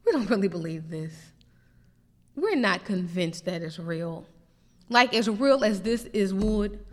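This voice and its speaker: A woman preaches a sermon in a high, bright-toned voice that swings widely up and down. She talks to the congregation conversationally and slips into playful acted-out asides. Her voice rings with the long reverb of a large hall. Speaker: pastor, Bible teacher. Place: church sanctuary.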